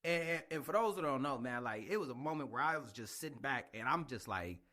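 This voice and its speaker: Male podcast host, bright tone, swings his pitch a lot, loose profane banter. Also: fast talker. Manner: animated, profane, acts out recruiting calls. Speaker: podcast host, Marine recruiter. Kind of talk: casual chat.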